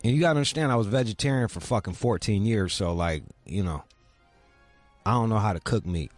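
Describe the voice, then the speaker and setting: A man's voice: lowish voice, fairly quick, dry recording, soft background music. A young man hosting a podcast, chatting casually with crude, teasing talk and heavy swearing. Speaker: podcast host. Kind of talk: casual chat.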